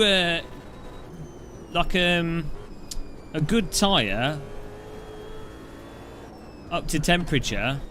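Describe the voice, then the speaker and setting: A chatty man talking through a racing sim session in a somewhat high voice. He rambles, laughs often and restarts his sentences as he jokes along. Faint noise sits under the voice. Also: a bit bright. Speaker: sim racing video host. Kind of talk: casual gameplay commentary.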